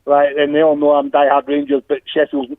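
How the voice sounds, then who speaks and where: A man's voice: a little high, level tone, a little fast, creaky, no room sound. A Glaswegian man chatting as a guest fan, telling rambling stories with restarts and laughter. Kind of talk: casual chat, storytelling. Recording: tinny phone-like line.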